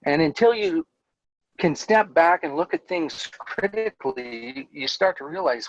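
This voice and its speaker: A man's voice: fairly high pitch, normal speed, creaky, dry recording, dull audio. A man, a guest in an interview, telling his own story in a candid, earnest way and laughing now and then as he talks. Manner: earnest, animated, laughs while telling stories. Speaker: interview guest, former Jehovah's Witness elder.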